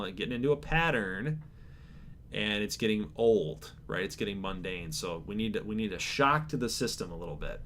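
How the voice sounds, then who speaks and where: A man hosting his channel, reading out viewer survey answers in a laid-back, chill way, calling his own voice monotone and chuckling now and then. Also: lowish voice, slight background noise. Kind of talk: casual chat to camera.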